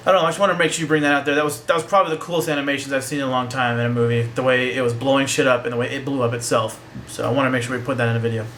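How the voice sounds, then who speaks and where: A man's voice: mid-range voice, fairly bright tone, slight background noise. A young man giving a casual, joking, profane movie review that rambles along.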